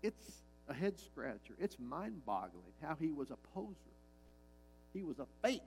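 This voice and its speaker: A man's voice: on the high side, big pitch swings, unhurried, gravelly, soft background music, low-quality recording. A male pastor preaching a sermon, emphatic and repeating his key lines, with frequent rhetorical questions to the congregation.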